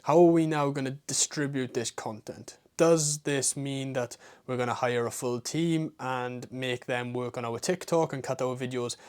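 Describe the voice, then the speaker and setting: A man's voice: mid-range voice, normal speed, few pauses, darkish tone, clear, resonant tone. A man with a strong British accent coaching straight to camera. He talks in a blunt, casual way, with slang and the odd swear word. He drives his points home with runs of rhetorical questions. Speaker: online business coach. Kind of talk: talking-head advice monologue.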